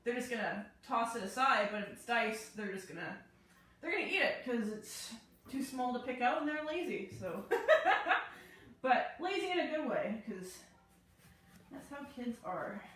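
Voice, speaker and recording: A woman's voice: on the high side, lively intonation, normal speed, a bit bright. A woman hosting a live cooking class, chatting her way through each step as she chops and prepares food in a kitchen. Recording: very echoey room, mic far off.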